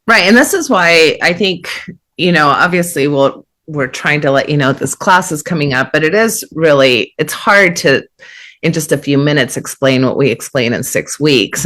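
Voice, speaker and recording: A woman's voice: deep voice, fairly bright tone. A woman hosting a podcast conversation, explaining in an earnest, thinking-aloud way with frequent restarts. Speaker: podcast host and therapist.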